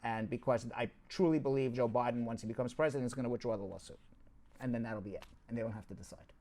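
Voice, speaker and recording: A man's voice: medium pitch, quick pace, a little mellow. A man with a Long Island accent hosting a casual news rundown, chatty and prone to asides to his co-hosts. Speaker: host, immigration news show.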